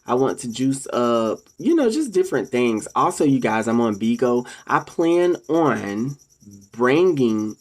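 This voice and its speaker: In a slightly slow, sing-song delivery, a vlogger chats informally with his audience while sounding like he's giving a sermon. He keeps calling out to "ladies and gentlemen" and performs quoted voices louder and higher.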